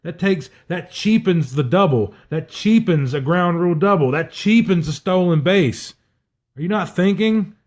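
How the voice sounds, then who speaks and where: A man's voice: sits high, animated, measured pace, darkish tone. A man from South Carolina ranting about baseball on a podcast, heated and swearing constantly. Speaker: podcast co-host. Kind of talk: profane sports rant.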